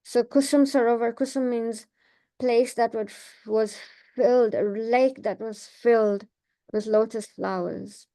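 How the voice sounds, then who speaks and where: Soft-voiced woman telling devotional stories. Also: fairly high pitch, fairly even intonation, a little slow. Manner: gentle, meandering storytelling with many restarts. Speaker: devotional class speaker. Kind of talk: informal devotional talk with slides.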